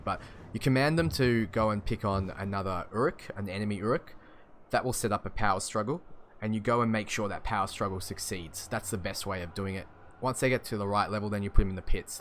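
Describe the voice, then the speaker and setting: A man's voice: lowish voice, a bit bright, slight background noise. A young Australian man with an Australian accent, casually chatting and chuckling as he answers stream chat. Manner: chatty and laid-back, chuckling often.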